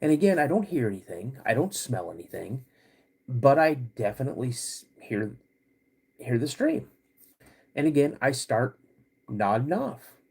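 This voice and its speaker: A man hosting a podcast, recounting a personal story in a halting, vivid way with many restarts. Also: medium pitch, very animated, vocal fry, a little mellow, slightly rough. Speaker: podcast host.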